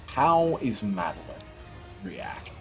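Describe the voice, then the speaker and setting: Solemn, slow male game master. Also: medium pitch, very animated. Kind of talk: narrating a tabletop game. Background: background music.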